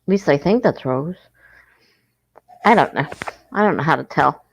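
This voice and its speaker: A woman's voice: low voice, lively intonation, normal speed, creaky, slightly rough. A woman from southern New Jersey with a South Jersey accent, hosting a casual livestream, chatting and reading viewer comments aloud, laughing often. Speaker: livestream host.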